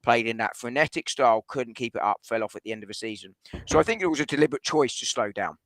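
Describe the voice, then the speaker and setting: A man on a casual football podcast, making his case quickly and carefully, often hedging and restarting. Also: mid-range voice, expressive, a bit bright, dry recording. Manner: fast, reasoned, hedging with restarts. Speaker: podcast panelist.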